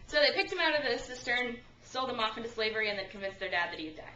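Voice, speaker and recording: A young woman giving an informal sermon, telling Bible stories in a chatty, animated way and acting out the voices she quotes, recorded on a camcorder. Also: fairly high pitch, racing, few pauses, muffled recording. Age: young adult. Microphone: handheld camcorder at a distance. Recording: echoey room from a far camcorder.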